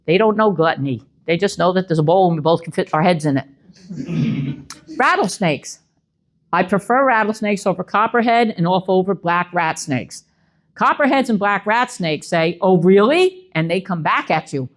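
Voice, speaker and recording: A middle-aged woman, an animal control officer giving a humorous wildlife talk and acting out the animals in little voices. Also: medium pitch. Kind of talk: lively public presentation.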